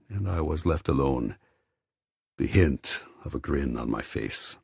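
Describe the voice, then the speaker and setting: A man reading a first-person audiobook narration in a cool, measured way. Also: extremely low pitch, creaky, breathy edge, no room sound, studio quality.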